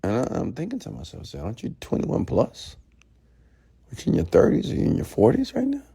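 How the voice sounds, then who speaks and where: A man's voice: on the high side, wildly swooping pitch, fairly quick, gravelly, dark tone, husky. A man hosting a late-night live stream, ranting bluntly and profanely at viewers, then answering their questions. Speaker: entrepreneur mentor host.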